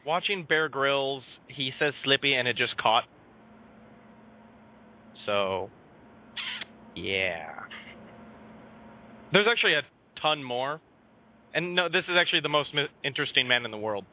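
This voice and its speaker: A man's voice: mid-range voice, expressive, measured pace, pauses often. A man hosting a casual call-in show, joking and flustered. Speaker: host. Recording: tinny phone-quality audio.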